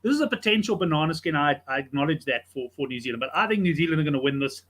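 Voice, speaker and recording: A man hosting a sports betting show, chatting casually and telling stories in an animated way. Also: a little high, racing. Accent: South African English.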